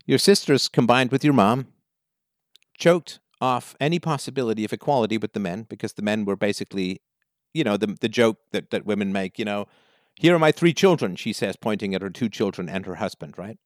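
Male talk host, animated advice-giver who acts out his anecdotes; bone-dry studio voice. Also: fairly low pitch, fairly quick, dry recording. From Canada. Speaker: call-in show host.

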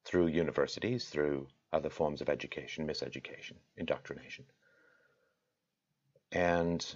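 A man hosting his own show, speaking straight to his audience with impassioned, rhetorical delivery that swings from loud peaks to quiet intensity. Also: sits low, highs cut off. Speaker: show host. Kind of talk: direct-to-camera address.

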